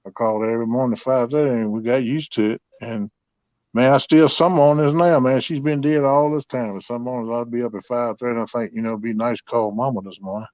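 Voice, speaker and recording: A man's voice: mid-range voice, fairly even intonation, quick pace, dry recording. Man in his fifties, folksy and drawling, dull dry lo-fi sound. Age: 50s. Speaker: host. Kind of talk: casual storytelling chat.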